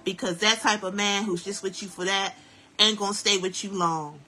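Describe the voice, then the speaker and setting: Bright, husky woman preaching casually. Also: medium pitch, moderate pace. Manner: chatty, preachy, lively and down-to-earth. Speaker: live-stream host. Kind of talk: casual live-stream advice talk. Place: at home doing hair. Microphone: phone live stream.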